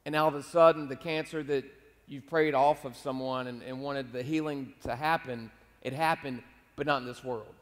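A man's voice: mid-range voice, steady tone, moderate pace. A man preaching a sermon as pastor, telling stories conversationally and acting out his own back-and-forth with God. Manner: conversational storytelling, acts out dialogue with God. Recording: long reverb of a large hall.

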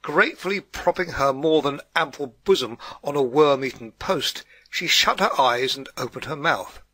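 A man giving a steady scripted audiobook narration. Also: on the high side, normal speed, husky, no echo. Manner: steady storytelling read.

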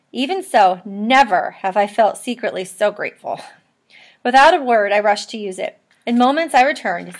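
A woman, a teacher, reading a novel aloud steadily and adding casual explanations in between. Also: mid-range voice.

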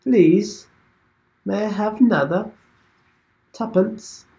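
High squeaky begging English waif, pleading and sing-song, put on by a man. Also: takes it slowly, warm tone. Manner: mock English accent, pleading.

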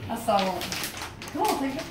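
A young woman, joking loudly and exclaiming at her own surprise party, filmed on a phone at an indoor workplace. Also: high-pitched, very animated, fairly quick. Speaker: birthday guest of honor. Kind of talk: casual party banter. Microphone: phone camera across the room. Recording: roomy, distant phone video with noise.

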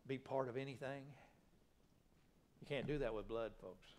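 A male pastor preaching a sermon in a folksy, plain-spoken way, asking the congregation rhetorical questions. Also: medium pitch.

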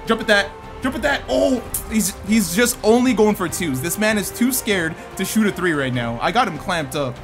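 Excitable high-voiced man calling gameplay. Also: normal speed, over music. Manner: excitable, talks to himself and viewers, sudden shouts. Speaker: gaming YouTuber. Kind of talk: live gameplay commentary.

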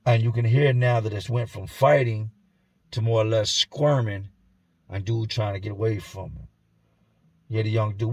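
Somber man telling a grim story, husky. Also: on the low side, steady tone, normal speed, dry recording. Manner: somber, intense, often dropping to a hush. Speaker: storyteller and channel host. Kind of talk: first-person storytelling. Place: indoors at home.

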